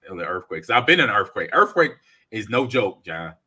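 A man in his forties co-hosting a casual podcast chat, reading out chat comments and acting out stories loudly. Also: lowish voice, fairly quick, slightly rough. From California. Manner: animated storyteller, acts out scenes loudly. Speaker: podcast co-host.

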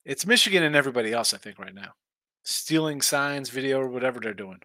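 A man's voice: mid-range voice, lively intonation, fast talker, sharp tone, no echo. A man hosting a sports betting live stream, tired and yawning, rambling through picks and reading viewer chat aloud. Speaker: sports betting show host.

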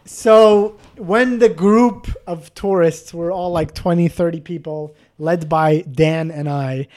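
On a podcast, a man tells a comedic story, rambling with plenty of fillers and swearing and building to exasperated outbursts. His voice is a little high and a little mellow.

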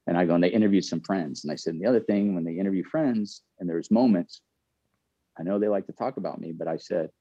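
Een earnest man with a dark, husky voice. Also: low voice, quick pace, dry recording, dull audio. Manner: earnest, repeats and restarts phrases. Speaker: former pro baseball player as guest. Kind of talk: candid storytelling.

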